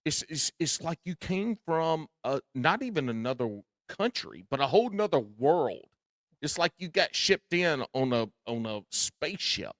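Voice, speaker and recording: A man with a Southern drawl hosting a podcast, chatting casually and telling animated stories with plenty of swearing. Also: fairly high pitch, a little slow, few pauses, no room sound, studio quality. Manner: animated, swears freely, storytelling. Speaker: podcast host. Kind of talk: casual chat.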